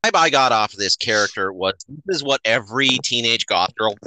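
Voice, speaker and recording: A man's voice: mid-range voice, expressive, fairly quick, pushed and bright, no room sound. A man hosting a casual movie review chat, swearing and laughing as he mocks a film's poor acting and sets. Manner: swearing, laughing, exasperated mockery. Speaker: podcast host.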